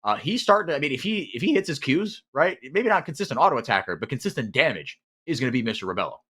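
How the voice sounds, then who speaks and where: A man doing live play-by-play commentary on an esports match, calling the action quickly and often repeating words as he thinks. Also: medium pitch, slightly rough. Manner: rapid, animated calling with frequent repeated words.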